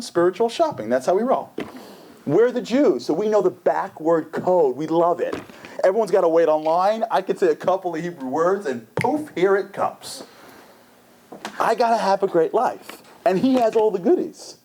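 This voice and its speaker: A man giving an inspirational lecture at a community center, animated and acting out voices with big jumps in pitch. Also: moderate pace, slight background noise.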